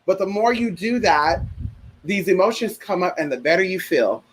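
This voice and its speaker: Sassy and chatty, this male livestream host addresses viewers as "girl" and "honey" in a high-pitched, animated voice with a breathy edge and a moderate pace. His tone turns sincere and heartfelt on the subject of grief. It's a low-quality recording.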